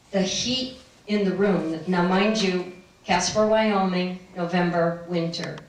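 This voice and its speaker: A woman's voice: lowish voice, slight background noise. Middle-aged woman, distant and echoey. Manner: meandering, laughing often. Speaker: spiritual speaker. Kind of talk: personal storytelling talk to a live audience. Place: room with an audience. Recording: very echoey room, distant mic.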